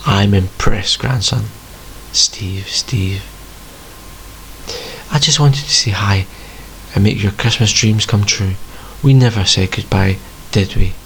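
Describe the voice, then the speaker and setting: A kindly old grandfather's spirit speaking from a snowman, as a storyteller puts him on, soft and reassuring. The voice sits low and has a gravelly edge. It is told as part of a homemade spoken tale. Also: measured pace, a little hiss or hum, rough recording. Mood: gentle.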